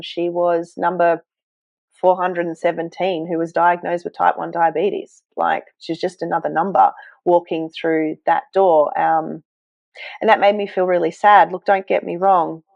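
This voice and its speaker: A woman, a health coach, telling her story to a podcast host in an earnest, animated way, with self-deprecating asides. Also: on the low side, creaky, dry recording. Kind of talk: conversational storytelling. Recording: dull, dry sound.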